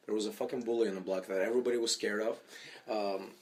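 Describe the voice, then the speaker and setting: A man who is a podcast guest, telling stories in casual chat, swearing often and halting with fillers. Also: on the low side, fairly even intonation, darkish tone. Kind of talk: casual storytelling.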